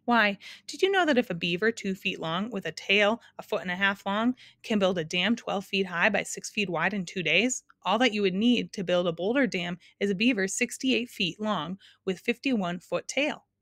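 A prim, excitable male creature of twelve faces lectures in exact, numbers-heavy sentences, as a woman reads him aloud. The voice sits higher than usual, bright and crisp. The storybook reading is recorded close and dry. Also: moderate pace, few pauses, no room sound, close to an everyday voice. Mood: lecturing. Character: fussy male twelve-faced math creature.

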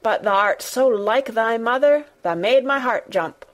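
A woman's voice: fairly high pitch, unhurried, lightly acted. A woman doing a tender mother. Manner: tender, tremulous. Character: kindly middle-aged Yorkshire mother.

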